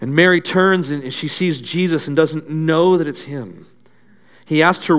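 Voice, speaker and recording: A male pastor delivering a sermon, dramatic, dropping low and soft and then building up again. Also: a little slow. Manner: dramatic preaching with swings from soft to loud.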